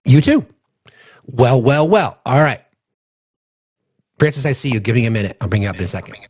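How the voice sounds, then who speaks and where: A calm man hosts a live stream, bringing callers up one by one. His voice is husky, and the audio is dry and a little muffled. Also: mid-range voice, a little fast, dry recording. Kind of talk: casual chat.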